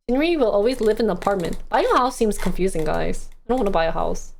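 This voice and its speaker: A woman's voice: medium pitch, expressive, fast talker, vocal fry, slight background noise. A young woman streaming live, reading news articles aloud and chatting casually with her viewers, often laughing and calling them guys.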